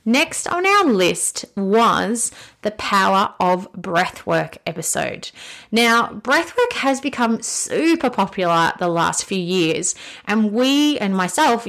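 A woman's voice: mid-range voice, animated, slow pace, a bit bright. Chatty woman podcast host. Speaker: podcast host and Pilates instructor. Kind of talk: casual podcast chat.

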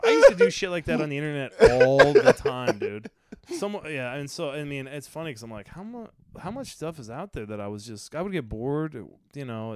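A man's voice: medium pitch, darkish tone, clean tone. A young man co-hosting a podcast, telling long rambling profane stories and mimicking the people he quotes. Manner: rambling, profane storytelling with put-on quoted voices. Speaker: podcast co-host. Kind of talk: casual chat.

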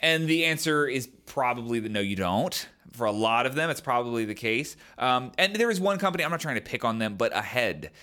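A man's voice: mid-range voice, lively intonation, fairly quick, few pauses, sharp tone. A young adult man co-hosting a podcast, musing in a loose, rambling way, full of "like" and "man". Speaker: podcast co-host. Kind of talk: casual chat.

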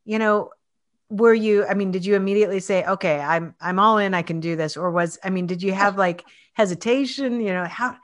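A woman's voice: medium pitch, steady tone, brisk. A woman in her fifties hosting a casual interview, chatty and full of restarts. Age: 50s. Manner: chatty, many restarts and fillers. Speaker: host.

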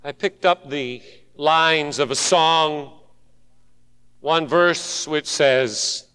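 A man delivers a sermon in a high, smooth, resonant voice, taking his time over each phrase. He swings between ringing calls and quiet pleading. The sound hangs in the long reverb of a large hall. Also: drawn-out words. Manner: dramatic swings from shouted calls to hushed pleading. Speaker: preacher.

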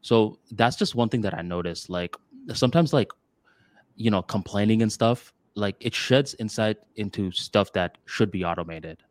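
A man with a low voice co-hosts a podcast, arguing his point in loose, rambling sentences thick with fillers. The sound is dry and close, with no room behind it. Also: moderate pace, no echo. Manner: rambling, filler-heavy with lots of "like" and "dude"; animated, jumps to higher pitch when voicing others. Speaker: podcast co-host. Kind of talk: casual podcast debate.

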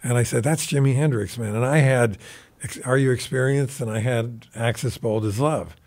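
Older male guest, unhurried raconteur. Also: medium pitch, darkish tone. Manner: rambling anecdotal, mimics quoted voices. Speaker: guest musician. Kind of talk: casual storytelling.

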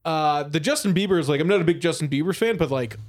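A man in casual podcast chat, an excitable storyteller who laughs a lot and acts out what others said. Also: fairly high pitch, quick pace.

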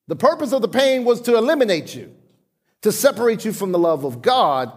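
A man's voice: sits high, sing-song, brisk, breathy edge. A middle-aged man preaching a sermon, emphatic and repetitive, calling on the congregation to repeat after him. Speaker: pastor.

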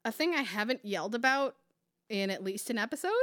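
A woman's voice: a little high, expressive, brisk, fairly bright tone, slight background noise. A woman co-hosting a casual podcast, emphatic and passionate, swearing freely. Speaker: podcast co-host.

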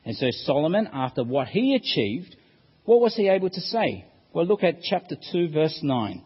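A man giving a sermon in a lively expository preaching style, acting out the quotes he reads. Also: a little high, moderate pace, breathy edge, in a large hall, dull audio.

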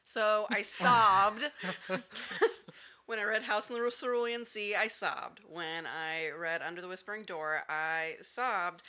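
A woman's voice: fairly low pitch, a little slow, sharp tone. A woman co-hosting a book podcast, chatting casually and emphatically about books that made her cry. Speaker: podcast co-host. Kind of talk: casual chat.

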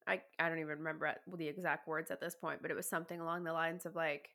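A woman's voice: low-pitched, fast, hardly any pauses. A young woman co-hosting a podcast, chatting casually, swearing freely and acting out what others said. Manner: swears freely, quotes others in animated voices. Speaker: podcast co-host. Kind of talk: casual chat.

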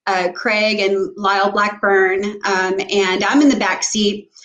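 A woman co-hosts a casual talk show, telling stories packed with fillers and restarts. Her mid-range voice is steady, slow and a bit bright, though the recording is rough.

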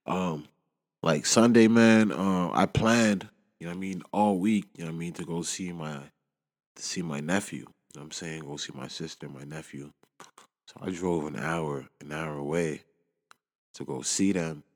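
A man in his twenties talks alone into his podcast mic, his voice sitting on the low side. He rambles in a loose, shaken way and leans constantly on filler phrases. The room behind him rings with a long, hollow reverb. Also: normal speed. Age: 20s. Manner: rambling, constant "you know what I'm saying" fillers. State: shaken and upset. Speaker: podcast host. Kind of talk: casual solo monologue.

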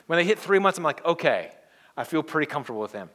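A man with a slightly high, sing-song voice races through an earnest sermon. He alternates hushed passages with emphatic bursts while leading the congregation in call-and-response.

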